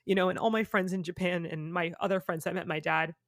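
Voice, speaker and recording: A woman's voice: lowish voice, steady tone, quick pace, no echo, studio quality. A woman guest on a podcast, talking candidly in a chatty, rambling way with many fillers. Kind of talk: candid conversational interview.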